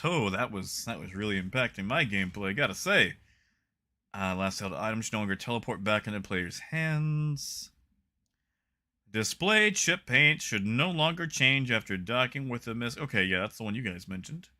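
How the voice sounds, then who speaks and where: Wry bright-voiced male streamer. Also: medium pitch. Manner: wry, reads patch notes aloud with dry jokes. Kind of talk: casual live-stream chat.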